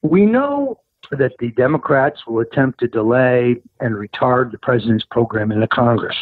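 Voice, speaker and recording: A man's voice: animated, normal speed, no room sound. Emphatic man on a tinny phone line. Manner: emphatic, combative, rising to insistent highs. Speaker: guest, political operative. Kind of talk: interview over the phone.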